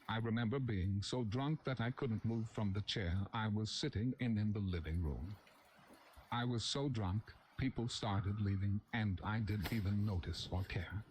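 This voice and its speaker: A young man reading a scary first-person story aloud as a narrator, with a steady, even storytelling delivery. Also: fairly low pitch, a little hiss or hum. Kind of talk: scripted horror story narration.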